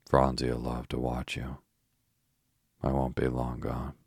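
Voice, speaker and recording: Man doing cheerful little girl, storybook, gravelly, dry sound. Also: extremely low pitch, completely flat delivery, measured pace, a little mellow, no room sound, heavily acted. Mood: eager. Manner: eager and polite. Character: eager, cheerful young girl.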